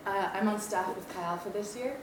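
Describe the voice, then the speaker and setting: A young woman in her twenties, originally from Maui, Hawaii, and now with a campus ministry, talks a little fast in a medium-pitched voice. She gives a chatty personal testimony, teasing herself and using many ums. Background noise, room echo, and a far-off mic mark the lecture-room recording.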